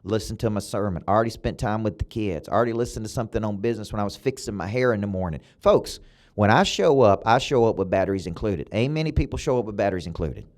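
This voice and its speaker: A middle-aged man with a Southern US accent giving a motivational podcast monologue, punchy and emphatic with a preacher-like cadence and sudden loud peaks. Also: fairly low pitch, expressive, fast talker. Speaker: motivational coach and podcast host. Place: his own podcast studio building.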